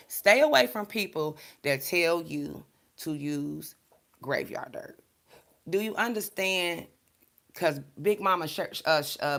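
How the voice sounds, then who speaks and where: A low-pitched woman with a gravelly edge tells a story in a casual vlog. Her tone is bright and forceful, candid and emphatic. She drifts into preachy asides as she talks. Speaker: spiritual card reader and vlogger.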